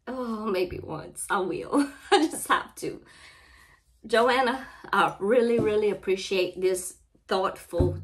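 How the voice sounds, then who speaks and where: Slow-talking Cajun woman, tearful and heartfelt. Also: medium pitch, a bit bright. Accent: Cajun Louisiana. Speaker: crafting channel vlogger. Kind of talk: casual unboxing vlog.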